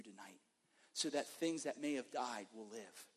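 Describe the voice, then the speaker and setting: A man preaching as a guest pastor, moving from emphatic sermon to an animated testimony story. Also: medium pitch, a little slow, husky. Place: church sanctuary. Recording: long reverb of a church hall.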